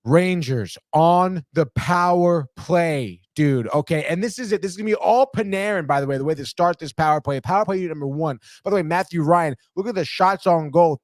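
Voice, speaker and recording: Here a man breaks down game highlights for his sports podcast, cursing with excitement and calling everyone "dude" nonstop. It's studio-quality sound without any echo.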